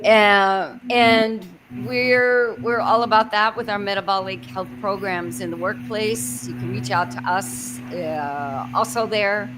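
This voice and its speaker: Woman host on a video call, mid pitch, friendly, hesitant, faint background noise. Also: takes it slowly, few pauses. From Arizona. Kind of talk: livestream interview.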